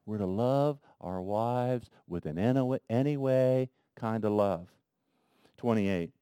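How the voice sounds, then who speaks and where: A man preaching a sermon in a conversational way, talking straight to the men in the room and swinging between soft asides and loud emphasis. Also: lowish voice, slow, clean tone, dry recording, studio quality. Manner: conversational, addresses men in the congregation directly. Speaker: pastor.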